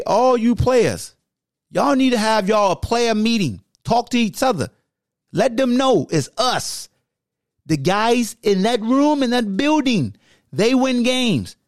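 A man in his forties rants about his team on a sports podcast, loud and slangy, bickering with his own alter ego. His voice sits high for a man. The sound is dry and close, with no room around it. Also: no echo. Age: 40s. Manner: loud, slangy and ranting, arguing with himself. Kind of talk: heated sports rant in an alter-ego persona.

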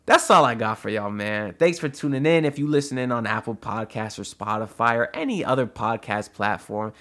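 A man running a solo sports podcast in a loose, chatty way, with plenty of "uh"s and little tangents. His voice sits at a mid pitch and he talks straight into a podcast mic, like he's chatting with his listeners. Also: fairly quick, bright, forceful tone. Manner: chatty and loose, with frequent "uh" and asides. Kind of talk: casual podcast commentary. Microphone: audio-only podcast mic.

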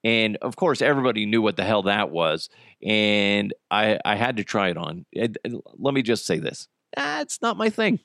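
A man's voice: fairly low pitch, normal speed, fairly bright tone, dry recording, clean studio sound. A man hosting a podcast, telling crude, jokey stories in a casual monologue and laughing often. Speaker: podcast host.

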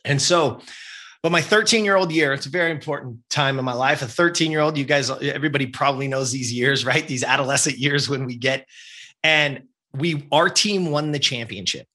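A man's voice: medium pitch, fairly quick, bright, forceful tone. A man, telling a personal story as a guest in an earnest, emphatic way and often checking in with "right?". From Southern California. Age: 50s.

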